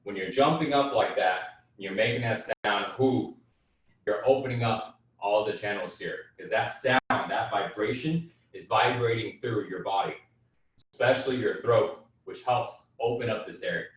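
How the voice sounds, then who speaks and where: A man leading a group workout class, calmly explaining breathing and movement as he coaches. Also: lowish voice, normal speed, heavy reverb, distant mic, poor audio. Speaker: fitness and breathwork instructor. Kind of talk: guided group workout instruction.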